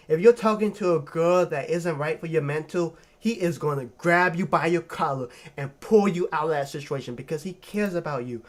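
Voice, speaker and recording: A man hosting a video, ranking characters in a lively, profane, joking rant. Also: a little high. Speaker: video host. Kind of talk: casual ranking commentary.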